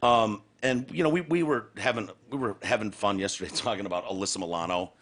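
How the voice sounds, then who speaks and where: Sarcastic profane podcast host, bright voice. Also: male voice, lowish voice, fast talker. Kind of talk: casual chat.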